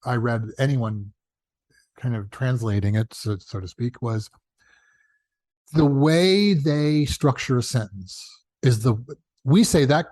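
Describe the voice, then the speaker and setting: A man being interviewed as a television showrunner, telling chatty, animated stories and acting out the dialogue he quotes. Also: slow pace, pauses often, dry recording. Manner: animated, acts out quoted dialogue with big pitch jumps; chatty, self-correcting, laughs at own asides. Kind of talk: casual interview storytelling.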